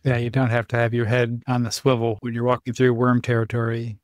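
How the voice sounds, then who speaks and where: A man's voice: mid-range voice, completely flat delivery, fairly quick, dry recording. A man hosting a podcast in casual chat, with dry, wry humor. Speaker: podcast host.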